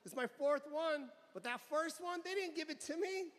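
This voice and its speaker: A middle-aged man doing stand-up comedy on an arena stage, telling an animated story, acting out family members and sound effects, swearing often and shouting punchlines. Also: very high voice, normal speed. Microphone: handheld stage mic. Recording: live arena show with crowd noise.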